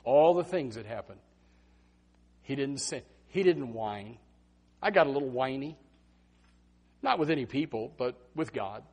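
A man preaching a Baptist sermon, swinging from loud emphatic bursts to hushed asides. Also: mid-range voice, animated, unhurried, pauses often, breathy edge.

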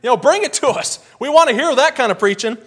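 Man doing a rowdy ancient townsman, much higher and louder than his own voice, cheering on a preacher. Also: lively intonation, quick pace, slightly rough, full character voice. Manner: rowdy, egging on.

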